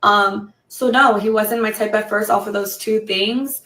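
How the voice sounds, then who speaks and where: A woman's voice: mid-range voice, steady tone, a little slow, a bit bright. A woman in a played clip, explaining herself in a defensive, matter-of-fact way. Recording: roomy, distant clip audio.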